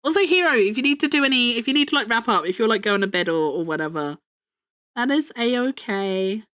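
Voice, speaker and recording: A woman's voice: on the high side, expressive, brisk, fairly bright tone. A young woman streamer chatting casually, rambling, joking about herself and swearing freely.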